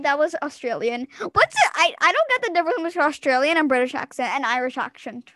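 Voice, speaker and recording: A young woman hosting a casual podcast chat, excitable and giggly. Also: high voice, quick pace, hardly any pauses. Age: young adult. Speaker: podcast host.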